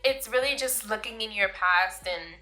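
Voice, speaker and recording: A woman's voice: mid-range voice, normal speed, pushed and bright, soft background music. A woman hosting her vlog, giving casual, emphatic life advice, often laughing and calling listeners "boo". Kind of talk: casual motivational talk to camera.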